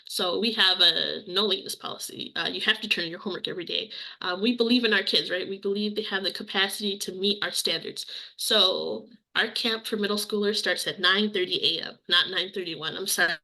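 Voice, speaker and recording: A woman's voice: mid-range voice, fairly quick, few pauses, sharp tone, poor audio. A young adult woman giving an earnest webinar presentation about her program, speaking personally and repeating key phrases. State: briefly emotional.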